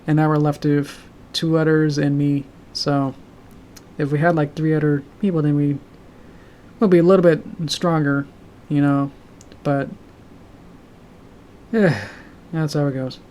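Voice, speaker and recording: A man chatting casually on his live stream about his animation projects, with a sore, tired throat, talking haltingly with fillers and soft laughs. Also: fairly high pitch, fairly even intonation. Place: home room with a loud heater. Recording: faint heater hum behind.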